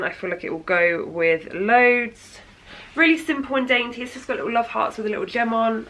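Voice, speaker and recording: A woman's voice: medium pitch, bright, forceful tone, poor audio. A thirty-year-old woman with a chatty, gushing manner, showing birthday gifts in a casual vlog. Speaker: beauty vlogger. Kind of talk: casual haul chat.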